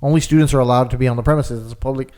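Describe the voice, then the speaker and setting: A man's voice: medium pitch, steady tone, racing, dark tone. A young man co-hosting a podcast, telling a long story in casual chat and leaning hard on fillers. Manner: rambling storyteller, lots of "like". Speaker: podcast co-host.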